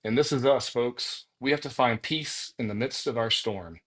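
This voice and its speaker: Brief: male guest with mid-pitched voice, sermon-style testimony, calls listeners folks. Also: normal speed, a bit bright. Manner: preacher-like storytelling, addresses listeners as folks. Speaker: podcast guest, life coach and author. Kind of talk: faith testimony in a podcast conversation.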